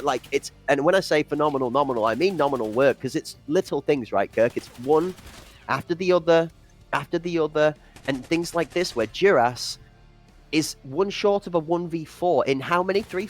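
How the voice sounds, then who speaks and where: A man casting an esports match live, talking quickly in long run-on sentences and tripping over his words. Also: on the high side, animated, faint music behind. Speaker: esports caster.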